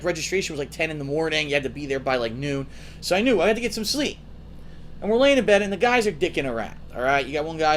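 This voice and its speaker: A man with a fairly high voice tells stories to his viewers in a loose, rambling way, swearing freely and putting on his friends' voices. He is a gaming show host chatting casually. A faint hiss sits under the recording. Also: a bit bright.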